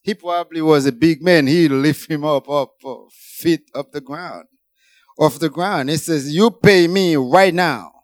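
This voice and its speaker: A man preaching a sermon, emphatic, rising high for emphasis and then dropping low. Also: measured pace, no echo.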